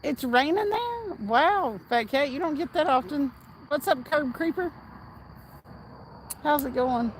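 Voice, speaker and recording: A woman's voice: high voice, expressive, measured pace, long pauses, a little hiss or hum, low-quality recording. A woman hosting a casual fishing livestream outdoors at night, chatting and reading viewer comments aloud with frequent laughs. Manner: chatty, reads chat aloud, laughs often.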